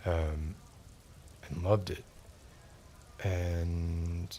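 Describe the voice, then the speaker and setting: A man streaming a game in a soft-spoken ASMR style, rambling and muttering to himself as he plays. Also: sits low, slow pace, a little hiss or hum.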